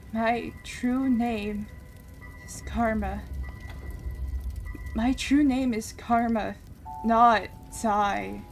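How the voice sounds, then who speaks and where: A woman voicing a desperate young woman burning in a game, pleading and screaming with a breaking voice. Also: fairly high pitch.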